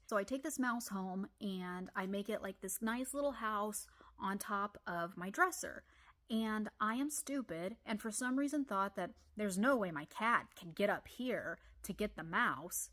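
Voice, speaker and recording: A woman with an Ozarks accent telling comic personal stories, animated with deadpan asides. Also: mid-range voice, unhurried. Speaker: storyteller. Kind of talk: comedic personal storytelling.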